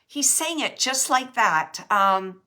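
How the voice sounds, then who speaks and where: A woman giving a live mediumship reading, halting and searching, with many fillers as she relays messages. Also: a little high, animated, pushed and bright. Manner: relays spirit messages to the sitters.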